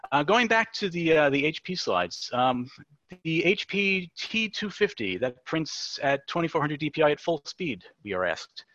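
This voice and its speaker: A man's voice: a little high, very animated, moderate pace, a bit bright, no room sound. A man moderating a webinar, casually reading out audience questions. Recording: dull lo-fi webinar audio.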